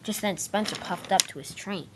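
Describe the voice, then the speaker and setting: A woman's voice: mid-range voice, normal speed, background noise. Woman narrating a toy train story.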